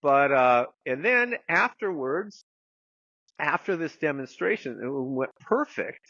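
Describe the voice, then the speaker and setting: A man's voice: a little high, animated, slow, pushed and bright, no room sound, muffled recording. A man guest telling a long story in casual, rambling talk, full of fillers and the odd swear word. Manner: rambling anecdote with many fillers and some swearing. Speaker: guest therapist.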